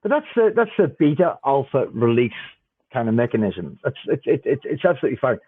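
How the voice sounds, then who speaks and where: A man's voice: mid-range voice, animated, brisk, slightly rough, dry recording. A man with an Irish accent, a smart contract auditor, talking bluntly and swearing freely in a casual podcast chat. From Ireland. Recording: dry tinny phone-like line.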